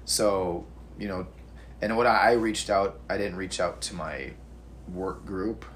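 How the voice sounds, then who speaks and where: Laid-back guy with a lowish voice, laughs a lot, slight background hiss. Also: unhurried. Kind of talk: casual chat.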